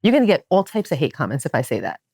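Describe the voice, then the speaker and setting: A woman hosting a podcast, talking in a casual chat style and making her points with animated emphasis. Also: racing, slightly rough, dry recording, clean studio sound. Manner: animated and emphatic, with wide swings in pitch. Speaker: podcast host.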